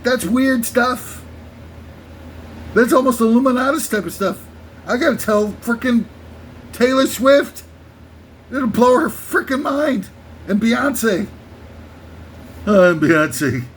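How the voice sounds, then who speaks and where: A man's voice: very high voice, slow pace, long pauses, slight background noise. A man hosting a comedy countdown, rambling irreverently and swearing in a casual comic rant. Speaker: comedy list show host.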